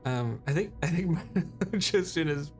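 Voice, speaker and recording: A man's voice: fairly high pitch, expressive, normal speed, a little mellow, soft background music. A man playing a tabletop game, talking in an easygoing, casual way. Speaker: player.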